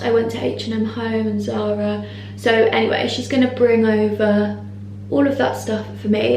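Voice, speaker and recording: A young woman in her twenties chatting casually to camera in a vlog, excitable and full of fillers. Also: on the high side. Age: 20s. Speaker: vlogger. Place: indoors, mostly empty new flat. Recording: echoey room, faint background noise.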